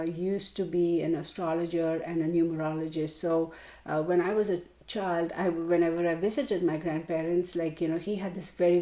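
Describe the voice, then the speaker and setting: A woman's voice: fairly low pitch, dark tone, reverberant. A woman hosting a tarot channel, chatting casually to her viewers with lots of fillers and restarts. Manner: rambling, many fillers and restarts. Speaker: tarot reader and channel host.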